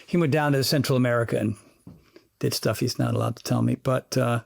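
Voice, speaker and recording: A man, a fitness trainer, chatting as an interview guest, telling animated, rambling stories peppered with sound effects. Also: medium pitch, brisk, creaky. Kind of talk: casual interview chat.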